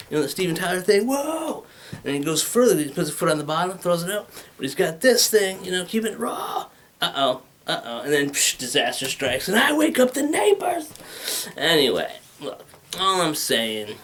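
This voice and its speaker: His voice is a little high with a fairly bright tone. He's a man in his thirties working through a crude, meandering comedy set into a handheld microphone, swinging hard between the voices he acts out.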